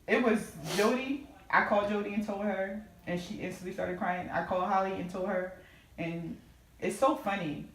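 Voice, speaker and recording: A woman's voice: medium pitch, fairly even intonation, moderate pace, a little hiss or hum. A woman in casual conversation telling an emotional personal story of loss. She reenacts her own pleading and the words of the people around her. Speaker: sister sharing a story. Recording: echoey room, mic at a distance.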